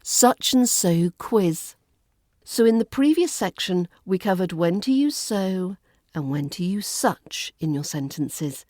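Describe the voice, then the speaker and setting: Slow, deliberate British woman teaching. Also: fairly low pitch, lively intonation, darkish tone, no room sound, clean studio sound. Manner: clear, deliberate teaching delivery. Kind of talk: podcast lesson.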